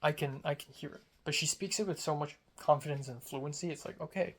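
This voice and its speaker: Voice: medium pitch, a little fast, a bit bright. Chatty young adult from Hong Kong. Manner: chatty and candid, heavy use of "like" and "um". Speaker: script supervisor on a student film set. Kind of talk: casual storytelling vlog.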